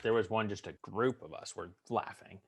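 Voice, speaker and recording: A middle-aged man with a fairly low voice tells his stories in a relaxed interview. He is good-humored and likes to act out the voices of the people in them. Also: moderate pace, creaky, husky. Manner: humorous storyteller, acts out drill instructor voices. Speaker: veteran interviewee. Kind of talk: storytelling interview.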